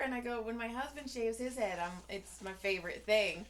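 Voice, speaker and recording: A woman co-hosts a casual chat podcast with her husband, spinning a story and slipping into the voices of the people in it. Her tone is bright and forward. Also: fairly high pitch, brisk, few pauses. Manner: animated storyteller acting out conversations. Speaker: podcast co-host.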